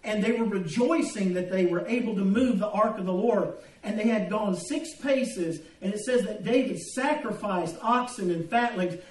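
A man preaching a sermon in a church, folksy and joking as he tells anecdotes. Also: sits high. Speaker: pastor. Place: church sanctuary. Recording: echoey room, distant mic.

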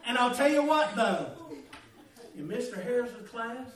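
During a sermon, a middle-aged pastor with a Southern American accent recounts a personal story in a folksy way, laughing throughout. His pitch is extremely high and animated, though he's unhurried, and the sound is echoey and distant.

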